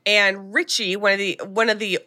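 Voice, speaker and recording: A woman's voice: mid-range voice, normal speed. Laughing woman recapping a movie. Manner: animated, laughing retelling of scenes. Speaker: podcast co-host. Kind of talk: casual comedic movie recap.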